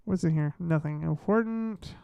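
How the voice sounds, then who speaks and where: A man live-streaming casually, talking to himself in a flustered way as he fiddles with his software. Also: fairly high pitch, normal speed, vocal fry, clean tone, no room sound, highs cut off.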